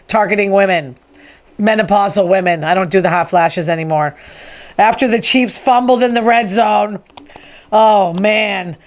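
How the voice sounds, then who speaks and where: A woman, hosting a rambling, opinionated casual monologue. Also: medium pitch. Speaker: podcast host.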